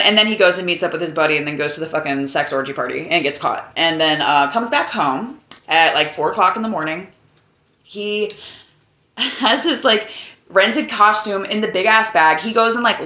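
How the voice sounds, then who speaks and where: Blunt, sarcastic woman with a bright voice. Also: fairly low pitch. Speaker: film reviewer. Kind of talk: casual video review. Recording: roomy echo.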